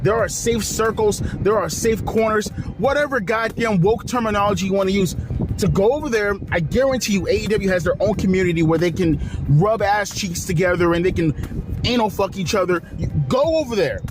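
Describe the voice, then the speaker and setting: High-voiced man ranting angrily. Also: a little fast, noisy background. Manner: profane, exasperated, repeats himself. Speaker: wrestling commentary video host. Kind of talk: angry rant vlog.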